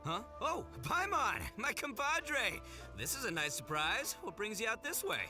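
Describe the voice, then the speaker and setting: An actor playing a smooth-talking, chummy male hustler in a video game. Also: extremely high pitch, sing-song, full character voice. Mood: defensive. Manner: slick, chummy, fast-talking. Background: game music.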